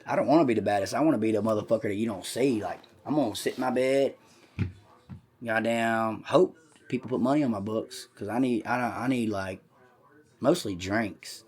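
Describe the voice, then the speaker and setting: A man's voice: lowish voice, normal speed, a little mellow, husky. A man co-hosting a comedy podcast, telling crude stories in a rambling, profane way and jumping into voices for the people in them. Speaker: podcast co-host.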